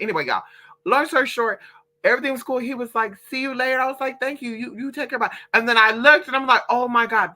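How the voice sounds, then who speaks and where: Animated, profane woman telling a story. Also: fairly high pitch. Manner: acts out other people in quoted voices. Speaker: vlogger. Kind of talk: casual storytime vlog.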